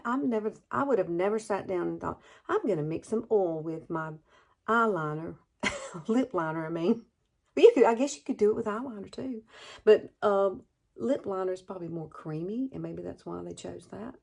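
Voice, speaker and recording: A woman's voice: fairly low pitch, gravelly, darkish tone. A woman in her sixties chatting through a makeup tutorial at home, gushing and enthusiastic as she talks viewers through each step. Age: 60s. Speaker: beauty vlogger.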